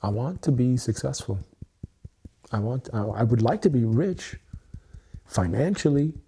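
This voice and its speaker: Gravelly, earnest man on a livestream. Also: mid-range voice, lively intonation, measured pace, mellow, slight background noise. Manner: earnest, emotional, swears freely, repeats phrases. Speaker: content creator. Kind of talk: solo livestream monologue, EFT tapping. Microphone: webcam mic, looking into camera.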